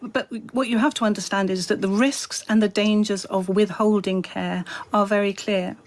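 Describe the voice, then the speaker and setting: Measured woman doctor explaining. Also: mid-range voice, fairly even intonation. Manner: measured, clinical, some restarts. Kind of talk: broadcast interview answers.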